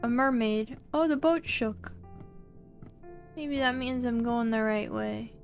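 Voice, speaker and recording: A woman's voice: a little high, steady tone, slow, vocal fry, soft background music. A young woman streaming a horror game, chatting playfully and breaking into mock-dramatic outbursts.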